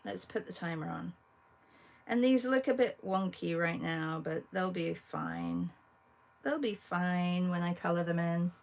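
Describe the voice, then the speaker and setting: Host: chatty woman art teacher, unhurried delivery, a bit of vocal fry, talks to viewers while she draws. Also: lowish voice, darkish tone, low-quality recording. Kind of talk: casual livestream drawing demo.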